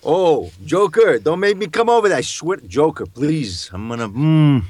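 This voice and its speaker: A man's voice: a little high, sing-song, normal speed, a little mellow, breathy edge, no room sound, pitched above the performer's own voice. A man doing a hot-headed Italian-American Batman. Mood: pleading. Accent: exaggerated Italian-American. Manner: pleading, exasperated gangster talk. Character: Italian-American tough-guy Batman, male adult, hot-tempered.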